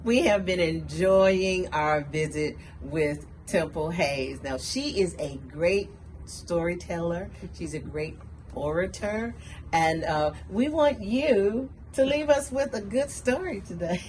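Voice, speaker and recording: A woman hosting an interview show who talks slowly, laughs often and encourages her guest. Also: on the low side, lively intonation, darkish tone, a little hiss or hum. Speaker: talk show host.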